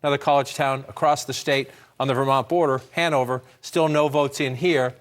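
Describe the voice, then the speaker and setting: Working at a map in a TV news studio, a man offers live election-night analysis, his mid-range voice fairly even in intonation. He moves briskly, reasoning aloud and quickly restarting sentences.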